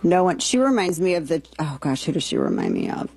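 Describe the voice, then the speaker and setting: A woman's voice: deep voice, huge pitch swings, brisk, gravelly, darkish tone, breathy edge, rough recording. A woman hosting a talk radio show, delivering sarcastic, exasperated commentary.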